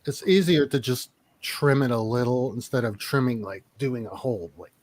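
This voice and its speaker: A man's voice: medium pitch, normal speed, darkish tone, no echo. A man in casual chat on a chat show, laid-back and rambling, who laughs often.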